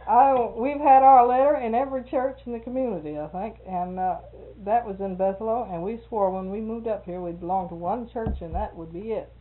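A woman's voice: mid-range voice, fairly quick, hardly any pauses. Lady gabbing away, tells long stories, laughs a lot, sounds thin like an old phone recording. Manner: chatty storyteller, laughs often. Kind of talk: casual conversation. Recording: phone-like narrow band.

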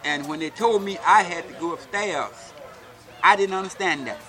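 In this oral history interview, an older Alabama man recounts his early years in a folksy way, often checking in with "see?" His voice is high with a sharp edge, and he keeps a moderate pace.

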